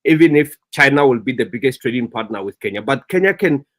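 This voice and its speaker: A man's voice: mid-range voice, lively intonation, fast talker. A man from South Africa arguing his point on an online panel, stumbling and repeating words. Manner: repeats himself, stumbles, pleads to be heard. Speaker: panel guest.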